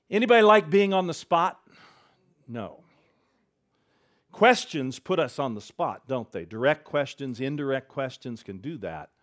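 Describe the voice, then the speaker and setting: A pastor preaching in a relaxed, chatty way, with a slightly raised voice. He uses gentle humor and asks the congregation questions. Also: fairly high pitch. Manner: conversational, self-deprecating humor, rhetorical questions. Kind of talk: sermon.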